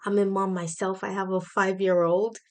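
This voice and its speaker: An earnest woman in her thirties records a casual solo podcast from her home office. Her mid-range voice has a flat delivery at a normal speed, and her words carry an encouraging, faith-tinged warmth.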